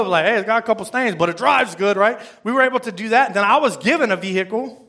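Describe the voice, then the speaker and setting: A man's voice: high voice, fairly bright tone. A man, a pastor, giving a conversational sermon, rambling, repeating words and asking the congregation questions.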